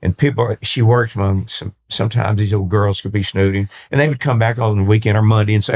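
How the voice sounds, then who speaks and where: A man's voice: fairly low pitch, fast talker, hardly any pauses. An older man from East Texas, telling stories as a guest on a casual interview podcast and acting out the dialogue as he goes. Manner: animated storyteller who acts out quoted dialogue, with frequent restarts. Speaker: country singer, podcast guest.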